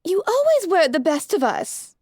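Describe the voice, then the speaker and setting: A woman's voice: extremely high pitch, very animated, moderate pace, a little mellow, dry recording, studio quality, pitched above the performer's own voice. A woman voicing an elegant, refined young female unicorn pony with a genteel way of speaking. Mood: tender. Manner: genteel, says darling.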